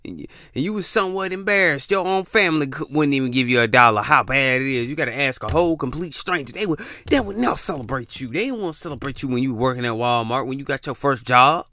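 Young man ranting, bright voice. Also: mid-range voice, fast, few pauses. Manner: blunt, profane, slangy, repeats himself for emphasis. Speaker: podcast host. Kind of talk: casual monologue rant.

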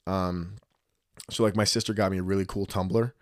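A man's voice: low-pitched, steady tone, fairly quick, no room sound, studio quality. A man chatting casually as a podcast co-host, laid-back and swearing freely. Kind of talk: casual chat.

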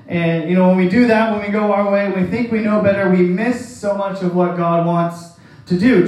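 A man's voice: high voice, steady tone, moderate pace, warm tone. A man preaching a conversational sermon, folksy and chuckling often, acting out quoted voices. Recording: very echoey room, voice from far off the mic.

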